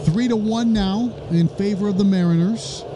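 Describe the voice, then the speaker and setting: A man calling a live baseball game play-by-play, brisk with wry joking asides and rising excitement on big plays. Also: high voice, noisy background. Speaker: play-by-play announcer.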